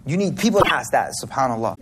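A man giving an informal religious talk, slangy and animated, swinging between hushed and loud. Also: mid-range voice, fast. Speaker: religious speaker. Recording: noisy recording with clicks.

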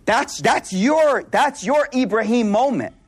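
Lively, slangy male preacher telling stories. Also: extremely high pitch, slow pace, husky. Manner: casual slang, repeats words and restarts; animated, laughing while telling stories. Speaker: Islamic speaker. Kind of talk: storytelling sermon to a live audience.

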